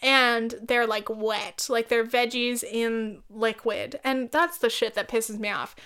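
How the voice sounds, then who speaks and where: A woman with a slightly high, smooth and clear voice chats casually as a podcast host. She tells her story bluntly, swears freely and often breaks into laughter. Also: steady tone, takes it slowly, bright, forceful tone.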